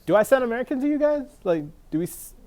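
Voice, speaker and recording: A young man from Canada with a Canadian accent, telling a casual story with laughs and sudden loud exclamations. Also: extremely high pitch, sing-song, quick pace.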